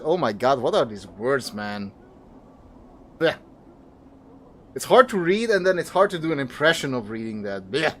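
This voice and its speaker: Animated man joking through game commentary. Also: mid-range voice, moderate pace, long pauses, a little hiss or hum. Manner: animated, joking, laughs at himself. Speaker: gaming video host.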